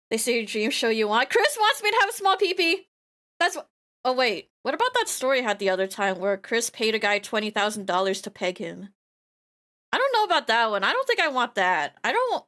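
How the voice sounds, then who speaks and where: High, bright-voiced streamer woman. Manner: rambling, animated storytelling with laughs and repeated phrases. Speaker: VTuber streamer. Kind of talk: casual stream chat.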